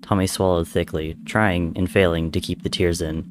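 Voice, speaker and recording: A man reading a story aloud in a measured, dramatic way. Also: low voice, steady tone, noisy background. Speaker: narrator.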